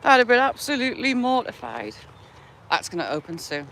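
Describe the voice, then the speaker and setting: A woman's voice: on the high side, big pitch swings, fairly quick, fairly bright tone, a little hiss or hum. A woman hosting a casual live stream, caught in a helpless snorting laughing fit as she greets viewers by name. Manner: giggly, self-mocking, greets viewers by name. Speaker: livestream host.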